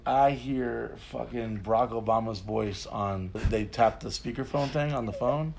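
A man's voice: medium pitch, unhurried, creaky. A man being interviewed, telling long, rambling, profane stories in a casual way. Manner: profane, rambling, animated storyteller. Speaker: interview guest. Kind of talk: casual storytelling.

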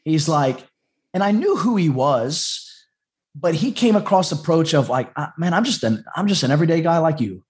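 A man tells his story as a podcast guest. His voice sits a touch high, and he rambles in a chatty way, often restarting his sentences. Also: expressive, moderate pace. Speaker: dog trainer, podcast guest. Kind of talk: casual storytelling interview.

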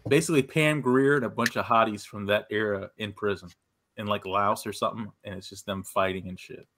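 A man co-hosting a podcast in casual chat, laid-back, quick to laugh, and given to swearing. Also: lowish voice, fairly even intonation, a bit bright. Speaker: podcast co-host.

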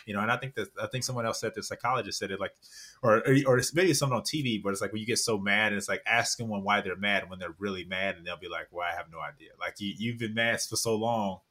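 A man's voice: on the low side, fairly even intonation, fast, bright, forceful tone. A man in his thirties talking earnestly in a casual podcast chat, rambling and repeating words as he acts out little quotes. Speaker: podcast guest author.

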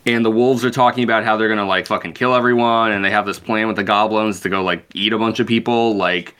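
A man with a fairly low voice chats through a book recap on a podcast. He is laid-back and loose, swearing now and then. His talk is full of fillers and restarts. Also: steady tone, fast talker, fairly bright tone, clean tone. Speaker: podcast co-host. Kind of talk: casual book-club chat.

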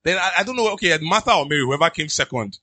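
A pastor with a Nigerian accent preaching in an animated, conversational way, slipping into pidgin asides. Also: male voice, fairly high pitch, fast, dry recording. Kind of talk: sermon.

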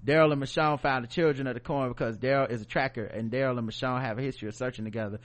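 A man co-hosting a podcast, recapping a TV show in casual, animated banter and laughing often. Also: mid-range voice, very fast. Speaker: podcast co-host.

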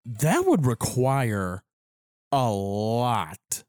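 Animated, laughing man talking sports. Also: mid-range voice, dry recording, studio quality. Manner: animated, laughing often, halting restarts. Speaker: podcast co-host. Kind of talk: casual sports chat.

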